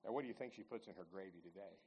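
A man's voice: low voice, rapid-fire, a little mellow, slight background noise, poor audio. Folksy man in his sixties telling stories. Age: 60s. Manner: folksy, chatty, asks the audience questions. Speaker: lay speaker giving a church talk. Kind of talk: storytelling testimony talk.

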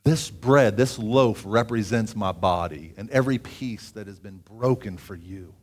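Animated male preacher. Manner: animated, rises in pitch and volume for emphasis; reads scripture aloud with pauses and asides. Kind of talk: sermon.

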